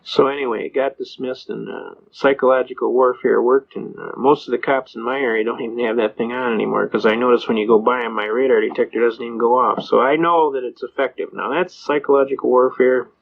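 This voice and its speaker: Older man, folksy rambling lecturer, middle-pitched voice, muffled lo-fi recording. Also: fairly even intonation, a little fast, gravelly, few pauses, slight background noise. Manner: rambling, folksy, with frequent "uh" fillers. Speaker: lecturer on citizens' rights. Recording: dull lo-fi recording.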